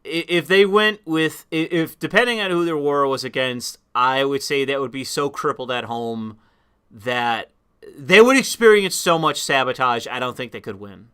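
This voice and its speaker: A man's voice: medium pitch, normal speed, a bit bright, clear, resonant tone. A man hosting a livestream, chatting in a laid-back, profane way. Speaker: host. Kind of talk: casual chat on a livestream.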